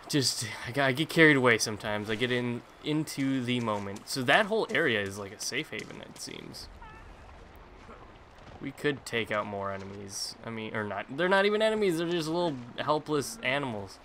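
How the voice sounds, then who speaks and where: Man, let's-play commentary, bright tense tone, jokey, rambling asides, slight background hiss. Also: medium pitch, lively intonation, moderate pace. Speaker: gaming YouTuber.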